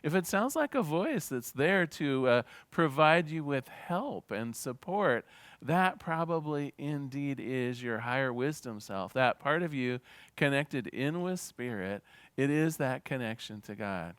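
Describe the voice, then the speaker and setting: A minister giving a sermon in an earnest, gentle teaching manner, with small restarts as he talks. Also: mid-range voice, expressive, measured pace, smooth, dry recording.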